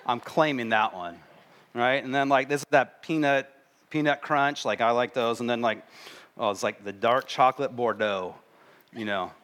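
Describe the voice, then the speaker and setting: A man preaching a sermon at a church service in a relaxed, joking way, acting out little voices. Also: mid-range voice, moderate pace. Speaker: pastor.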